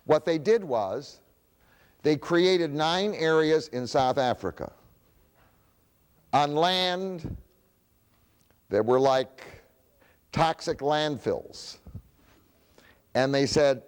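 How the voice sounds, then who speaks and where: Man, public lecture, animated pitch, rhetorical questions, reverberant hall. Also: extremely slow, long pauses, clean tone. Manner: asks rhetorical questions and answers them himself.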